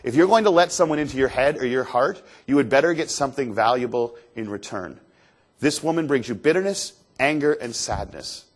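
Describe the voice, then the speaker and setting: Guy from canada doing a keynote on stage, lively self-mocking storyteller, mid pitch. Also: brisk. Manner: animated, self-deprecating storyteller. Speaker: motivational speaker. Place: stage before an audience.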